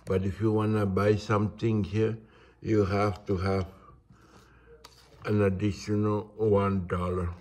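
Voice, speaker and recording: A man, ranting in a halting, indignant monologue. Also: fairly low pitch, level tone, darkish tone. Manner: indignant, halting, restarts words. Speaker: vlogger.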